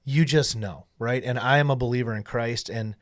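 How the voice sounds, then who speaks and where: A man who makes documentaries, telling a story in an earnest, animated way in casual conversation. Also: mid-range voice, normal speed, no room sound, clean studio sound. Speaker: documentary filmmaker.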